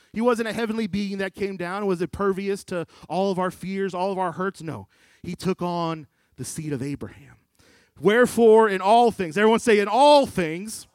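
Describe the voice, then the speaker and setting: A man preaching a sermon, quoting scripture and swinging from loud pleading to hushed, low delivery. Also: no echo. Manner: quotes scripture in King James wording.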